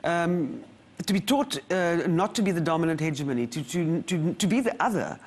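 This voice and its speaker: A guest from South Africa telling family stories in a reflective interview, animated and acting out quoted voices. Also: female voice, fairly low pitch, normal speed, slightly rough. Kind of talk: reflective conversational storytelling.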